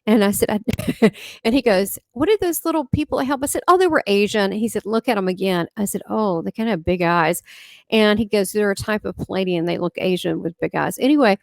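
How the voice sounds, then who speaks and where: A woman host in casual chat, telling a personal story and acting out quoted dialogue with big swings in pitch. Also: brisk, gravelly, dry recording. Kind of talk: casual chat recounting experiences.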